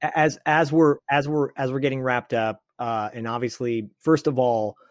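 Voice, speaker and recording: A man's voice: mid-range voice, steady tone, moderate pace, no echo, clean studio sound. A man hosting a podcast, chatting casually and rambling through his thoughts. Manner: rambling, restarts often. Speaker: podcast host. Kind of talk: casual chat.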